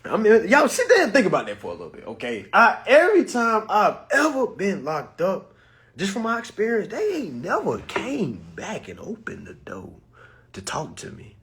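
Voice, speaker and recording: Man, high voice, swinging pitch, casual profane storyteller talking straight to his viewers. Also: normal speed. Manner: animated, profane, addresses viewers as y'all. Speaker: vlogger.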